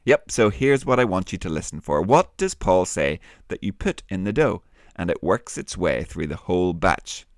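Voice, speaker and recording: A man hosting a children's Bible podcast, with a warm, teacherly and lively way of talking. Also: sits low, normal speed, no room sound, clean studio sound. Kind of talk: friendly kids' Bible podcast.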